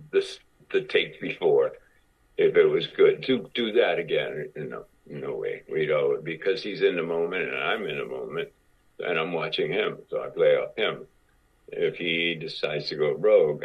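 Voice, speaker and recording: A man's voice: very deep voice, breathy edge, muffled recording. A man, a guest actor, telling stories in casual talk and acting out other people's lines as he goes. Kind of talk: casual anecdotal storytelling.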